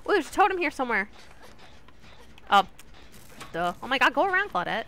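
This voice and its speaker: A woman streamer giving casual commentary while she plays, chatty and talking to her teammates and the killer, with sudden excited yelps. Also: high-pitched, fairly quick. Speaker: gaming streamer.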